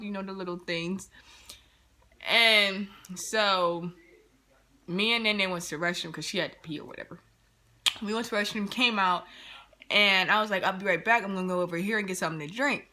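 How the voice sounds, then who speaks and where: A young woman telling a casual storytime to her viewers, animated and slangy, laughing often as she goes. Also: fairly low pitch. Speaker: vlogger.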